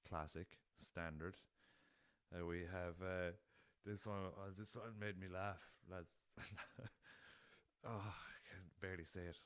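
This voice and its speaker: A man's voice: low voice, steady tone, measured pace, a bit bright, no room sound. A young Irish man hosting a solo podcast in a casual, rambling way, laughing at his own jokes and swearing freely. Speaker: podcast host.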